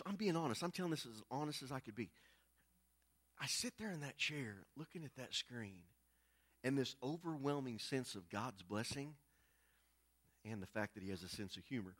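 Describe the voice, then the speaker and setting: Animated pastor with bright voice. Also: male voice, very high voice, moderate pace. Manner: animated, repeats words while telling a story. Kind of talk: storytelling sermon.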